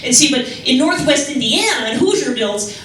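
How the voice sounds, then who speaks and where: A young woman from Chicago doing a stand-up comedy set on a club stage, talking in a rambling, halting way with many restarts. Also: high-pitched, expressive, a bit bright. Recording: echoey room, mic heard from far off.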